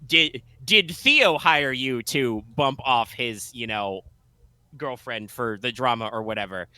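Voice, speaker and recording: A man's voice: medium pitch, a little slow, bright, forceful tone, no room sound. A man voicing a pushy female prosecutor who fires off leading questions. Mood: pressing.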